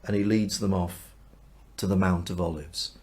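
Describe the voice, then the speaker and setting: A man's voice: low voice, steady tone, moderate pace, darkish tone. A man teaching the Bible in a chatty way, reading aloud and acting out the dialogue in everyday speech. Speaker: minister.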